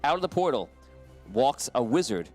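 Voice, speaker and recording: A man's voice: medium pitch, sing-song, normal speed, darkish tone, soft background music. A man narrating as game master of a tabletop game, talking loosely with many restarts and fillers.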